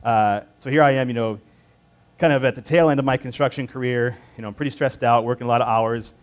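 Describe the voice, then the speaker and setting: A man's voice: mid-range voice, steady tone, quick pace. A man in his thirties leading a beer tasting class, talking casually with fillers and restarts as he tells a personal story. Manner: conversational, rambling with fillers and restarts. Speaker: beer importer representative presenting a tasting.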